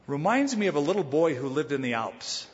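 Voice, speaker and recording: A man pastor preaching a conversational Bible teaching, with dramatic pauses and voiced quotes. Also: a little high, big pitch swings. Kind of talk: sermon. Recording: dull lo-fi sound with long hall reverb.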